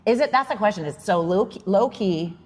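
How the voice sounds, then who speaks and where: A woman's voice: mid-range voice, animated, brisk, breathy edge. A woman co-hosting a podcast in casual, playful chat, often joking and mimicking. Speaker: podcast co-host. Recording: roomy hall with faint ambience.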